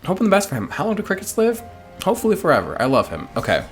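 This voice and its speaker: A man's voice: high voice, wildly swooping pitch, very fast. A man streaming a video game from his home office, chatting casually in a playful, rambling way with jokey asides. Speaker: let's play streamer. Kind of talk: casual gameplay commentary. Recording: faint game music behind.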